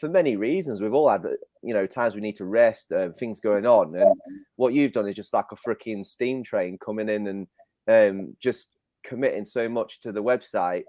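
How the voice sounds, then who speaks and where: A low-voiced man hosts a casual chat over a video call. He halts and restarts and keeps calling his guest brother and mate. His voice sounds dry and close. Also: moderate pace, mellow, no echo. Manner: hesitant, affectionate, full of "brother" and "mate". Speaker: host.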